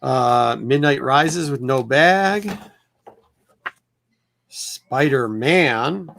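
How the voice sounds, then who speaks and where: A man's voice: medium pitch, lively intonation, moderate pace, vocal fry, a bit bright, a little hiss or hum. A man hosting a casual chat while sorting old comics, muttering titles and numbers, swearing often, his voice cracking. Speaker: host.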